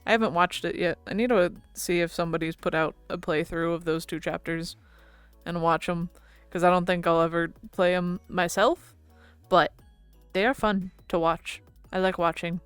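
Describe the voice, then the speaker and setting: A woman's voice: on the low side, steady tone, moderate pace, clear, resonant tone, dry recording, faint music behind. A woman streamer chatting casually with her viewers, rambling and laughing often into a close mic.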